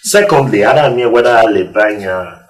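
A man's voice: on the low side, lively intonation, lightly acted. An actor playing a boastful man back from America who mangles American talk in a comedy film. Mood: bragging. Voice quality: laughing, bragging, halting fake-American speech. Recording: echoey, distant, faint music.

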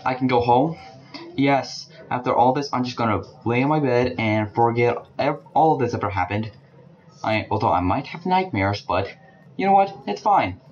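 A man giving let's play commentary, talking to the game characters and breaking into panicked shouts. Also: mid-range voice, expressive, normal speed, highs cut off. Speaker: gaming channel host. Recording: clear background noise.

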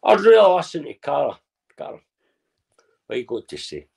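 A man's voice: fairly high pitch, huge pitch swings, a little fast, creaky, darkish tone, breathy edge. A man on a livestream panel, brash and crude, swearing freely and talking over the others. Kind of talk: crude banter on a live panel.

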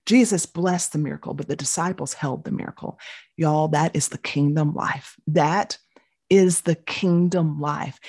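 A middle-aged woman teaching a Bible study, telling the story with animated voices for the people in it. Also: low voice, unhurried, breathy edge.

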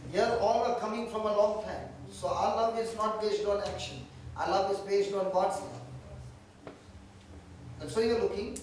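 A high-voiced man delivers a sermon to a church gathering. He speaks in a loose, conversational way and keeps teasing his listeners with direct questions. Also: background noise. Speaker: preacher. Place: church meeting.

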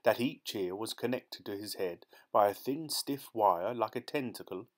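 A man narrating a short story as an audiobook reader, in a steady, measured way. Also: fairly low pitch. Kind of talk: scripted narration.

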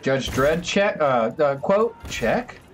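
A male streamer riffing through live gameplay commentary, excitable and full of jokes. His voice sits slightly high and swings widely in pitch as he talks. There is a faint hiss behind him. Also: slow pace. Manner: excitable, joking, chatty.

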